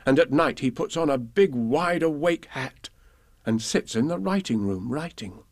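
A man reading children's poems and a storybook aloud in a gentle, expressive way. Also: on the high side, unhurried, no room sound, clean studio sound. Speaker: reader.

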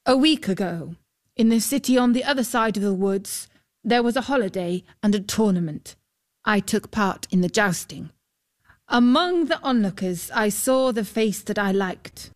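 A brave young knight speaks in formal, courtly phrases, voiced by a woman reading the tale. He sounds earnest and polite, in a gentle storybook reading. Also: high-pitched, lively intonation, moderate pace.

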